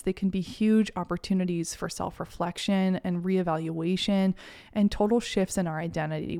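A woman's voice: medium pitch, mellow. A woman hosting a self-help podcast, talking earnestly and encouragingly to her listeners as a confidence mentor. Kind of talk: reflective solo podcast talk.

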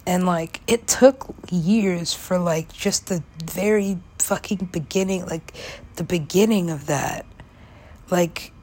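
Young woman, casual rambling vlog monologue; lowish voice, filler-heavy and profane, slips into whispers. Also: slow pace, a little mellow. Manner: casual, lots of "like" fillers, swears, laughs often; drops into whispers at times. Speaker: vlogger.

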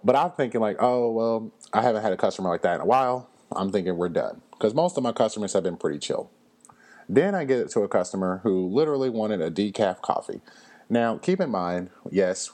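A man with a drawl hosts a casual podcast monologue. His voice sits low, and he talks bluntly and with energy, swearing without hesitation. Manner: animated, blunt, swears freely. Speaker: podcast host.

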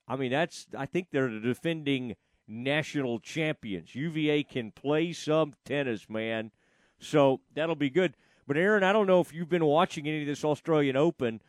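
A man's voice: medium pitch, no room sound, clean studio sound. A man hosting a casual sports talk show, rambling with frequent fillers and restarts. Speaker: sports radio host.

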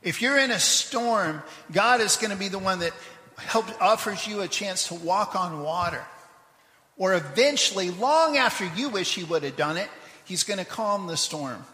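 A man preaching a sermon in church, reading scripture with rising intensity and dropping into quick asides. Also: high voice, lively intonation, bright, forceful tone. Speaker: pastor. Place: church sanctuary. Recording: echoey church livestream.

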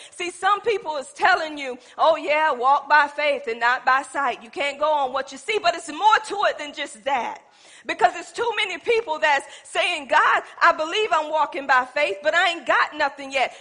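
Lady pastor preaching, high bright voice, storytelling, goes loud then hushed, talks right to the congregation. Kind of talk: sermon. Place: church.

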